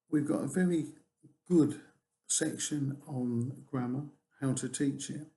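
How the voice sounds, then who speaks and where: Gravelly-voiced male tutor. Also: mid-range voice, warm tone. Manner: explanatory, teacherly, with hesitant restarts. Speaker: TEFL course tutor. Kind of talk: recorded course lecture.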